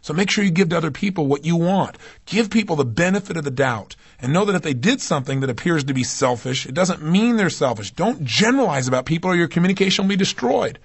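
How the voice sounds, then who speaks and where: A man giving a recorded motivational lecture, emphatic, dropping to low intimate asides and rising to raised intensity. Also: animated, fast, few pauses, breathy edge, no echo. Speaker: self-help speaker.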